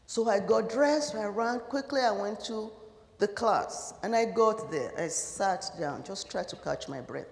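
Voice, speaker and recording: A woman from Nigeria, telling a personal story in an animated, halting way with fillers and restarts. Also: mid-range voice. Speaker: speaker. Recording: echoey hall with long reverb.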